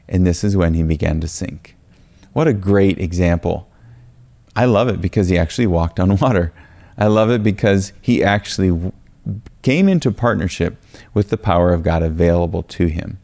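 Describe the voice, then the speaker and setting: A man delivers an earnest, encouraging sermon in a deep voice with a gravelly rasp. His tone is dark and mellow. He slows down when he reads scripture aloud. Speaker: preacher.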